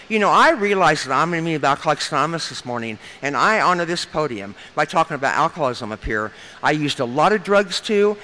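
An older woman speaks at a podium mic in a meeting room, telling her recovery story. Her voice is forceful and bright, and she has a frank, folksy, joking way of talking. She keeps calling the crowd "you guys.". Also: lowish voice. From Nebraska, US.

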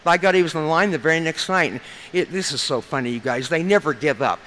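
A woman in her fifties from Nebraska tells stories from a podium at a recovery meeting, quick and folksy and full of humor. Her voice is bright and forceful, and she often turns to the crowd. Faint noise sits behind her. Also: deep voice, expressive, low-quality recording. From Lincoln, Nebraska. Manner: chatty, folksy, humorous, addresses crowd as you guys. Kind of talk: storytelling talk at a podium.

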